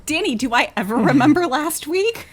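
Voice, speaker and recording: A woman co-hosts a relaxed podcast on a porch with a high, lively voice. She teases her partner and laughs easily between quick remarks. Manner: playful, laughing, teasing. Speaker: podcast co-host. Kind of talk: casual podcast chat.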